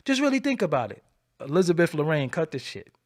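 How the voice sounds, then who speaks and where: A man hosting his own channel, delivering a defiant, boastful solo rant that swings between a low murmur and loud outbursts. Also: very animated, quick pace. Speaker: channel host. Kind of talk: late-night solo rant to camera.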